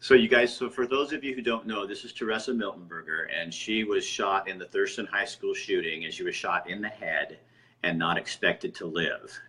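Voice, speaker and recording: Guy hosting a live stream on a video call, lowish voice but bright and forceful, calls out the commenters straight. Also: fairly even intonation, normal speed. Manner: blunt, scolds the live commenters. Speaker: host of a live online interview.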